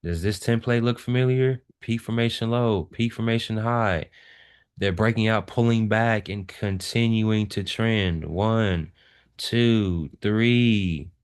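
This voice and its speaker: A man's voice: fairly low pitch, takes it slowly, smooth. A man giving a trading lesson over a screen share, emphatic and repeating his key points. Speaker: trading educator.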